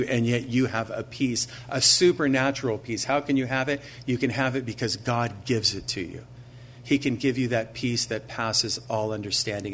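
A man preaching a sermon in an earnest, conversational way, asking his listeners rhetorical questions and slowing down to stress key phrases. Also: medium pitch, fairly bright tone, slight background noise. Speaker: pastor.

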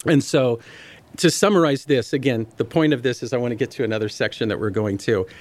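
A man's voice: medium pitch, a little fast, a little mellow. A man preaching a Bible teaching sermon. He reads passages aloud and explains them in a conversational way, speaking directly to his listeners. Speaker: pastor.

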